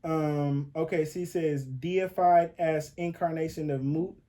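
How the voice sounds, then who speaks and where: A man's voice: fairly high pitch, steady tone, slow pace, warm tone. A young man, talking casually over pictures in loose, slangy speech with frequent restarts. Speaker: channel host.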